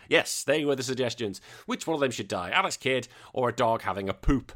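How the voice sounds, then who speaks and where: A man's voice: medium pitch, expressive, moderate pace, fairly bright tone. A man hosting a podcast in casual chat, joking, swearing and laughing as he reads listener messages. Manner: swearing, jokey, laughs often. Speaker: podcast host.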